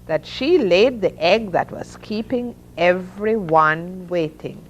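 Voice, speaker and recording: A woman hosting a children's story hour, reading picture books aloud with expressive sound effects for the animals. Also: lowish voice, slow pace, hardly any pauses. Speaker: children's story reader and host.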